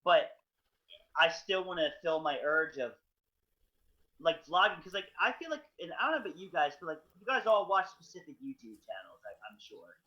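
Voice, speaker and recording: A man's voice: fairly high pitch, big pitch swings, moderate pace, pushed and bright. A man co-hosting a podcast, talking in a rambling, enthusiastic casual chat full of fillers. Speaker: podcast co-host. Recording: dull lo-fi stream audio.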